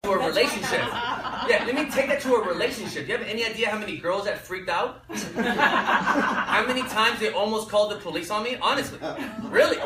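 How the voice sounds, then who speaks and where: A man giving an energetic workshop talk, often quizzing the audience with fill-in questions. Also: high voice, a little fast, a loud crowd. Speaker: workshop speaker. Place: echoey workshop room. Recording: roomy echo, mic from far off, faint noise.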